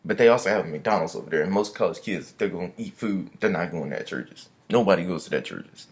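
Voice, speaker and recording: A man's voice: sits low, expressive, fast. A young man vlogging a casual storytime rant, loose and chatty, full of "I was like" and slang.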